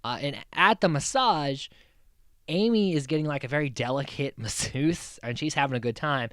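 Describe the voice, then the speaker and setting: A man's voice: fairly high pitch, moderate pace, a bit bright, no room sound, clean studio sound. Laughing, rambling man recapping a show. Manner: rambling, amused, laughs often, many restarts. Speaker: podcast host. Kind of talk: casual recap podcast.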